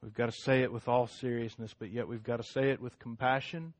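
A middle-aged man preaching a sermon as pastor, swinging between loud emphatic lines and hushed ones, with much repetition. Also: medium pitch, steady tone, fairly quick, no room sound.

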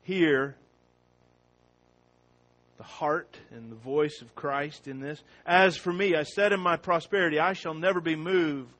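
Man, preacher, sermon, slow deliberate delivery, slightly high voice. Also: low-quality recording. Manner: slow and deliberate, rising loud when reading scripture. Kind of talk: sermon with opening prayer.

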